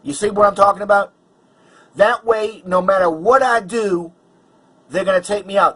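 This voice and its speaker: A man's voice: high-pitched, normal speed, long pauses, fairly bright tone, slightly rough, rough recording. A man vlogger telling a personal story in an agitated, emphatic way, stumbling over restarts. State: angry and worked up.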